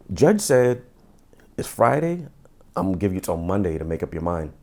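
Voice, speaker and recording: Middle-aged man, gravelly voice, lowish pitch, animated storytelling, stammers and restarts. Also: normal speed, pauses often. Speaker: podcast guest, former police officer. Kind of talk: casual storytelling interview.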